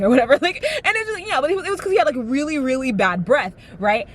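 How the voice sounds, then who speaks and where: A woman's voice: on the high side, expressive, fast talker, few pauses, a bit bright, a little hiss or hum. A woman in her twenties chatting casually to the camera, dramatic and full of fillers, acting out little quotes as she talks from inside a car. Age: 20s. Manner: chatty and dramatic, heavy use of "like", acts out quotes. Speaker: vlogger. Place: inside a car while driving. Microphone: camera mic.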